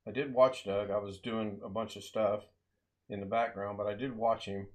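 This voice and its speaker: A man's voice: on the low side, level tone, moderate pace. A man hosting a casual live stream, chatting loosely with guests, laughing often and rambling through asides. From United States.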